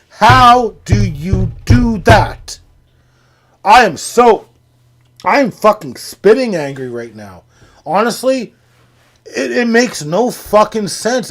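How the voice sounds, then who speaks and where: A young man with a high-pitched voice rants on a live sports stream, swearing at nearly every turn. He swings between loud, incredulous outbursts and low, grumbling asides into a desk mic. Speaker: livestream host.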